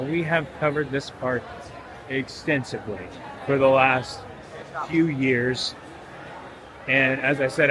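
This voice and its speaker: A man narrating a walking vlog outdoors at a theme park event, excited and chatty, talking straight to his viewers. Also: medium pitch. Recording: crowd noise behind.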